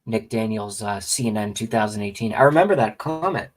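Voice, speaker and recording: A man's voice: lowish voice, animated, fairly quick. A man hosting a casual vlog and rambling along in loose, profane, self-mocking commentary. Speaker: vlog host.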